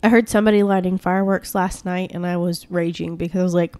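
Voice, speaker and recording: A young woman co-hosting a podcast, chatting casually, telling stories with lively retellings and quick reactions. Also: fairly low pitch. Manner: animated storyteller, quick reactions. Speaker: podcast co-host. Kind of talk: casual chat.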